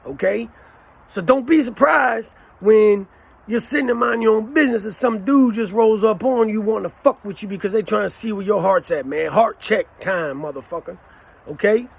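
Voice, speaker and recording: A man's voice: high voice, creaky, breathy edge. A man in his forties, a channel host, telling stories in a blunt, profane way with a lot of street slang. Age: 40s. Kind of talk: casual storytelling to camera.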